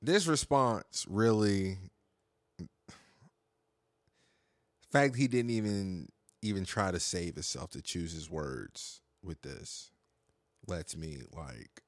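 A man's voice: low voice, slow, long pauses, dry recording, studio quality. A young man hosting a podcast solo, talking in a heated, profane, rambling way. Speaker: podcast host. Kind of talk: casual monologue podcast.

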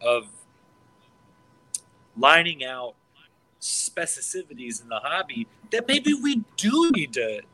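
A man in casual podcast chat, excitable and swearing freely, tripping over his words and restarting often. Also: a little high, slow pace, pauses often, low-quality recording. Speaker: podcast co-host.

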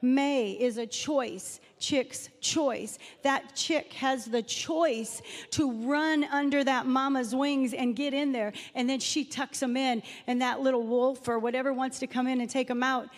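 A middle-aged woman, preaching a chatty sermon full of personal stories and Bible readings. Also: high voice. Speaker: guest speaker at a church Mother's Day service. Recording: reverberant hall sound.

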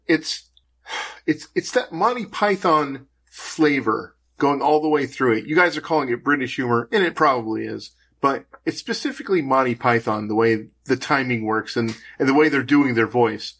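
A man co-hosting a casual film podcast, talking in a measured way and making dry jokes. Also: medium pitch, animated, a bit bright, husky. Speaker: podcast co-host.

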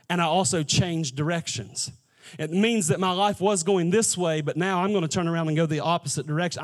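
High-voiced preaching man. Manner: builds to impassioned shouting, repetitive preaching cadence. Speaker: pastor. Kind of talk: sermon.

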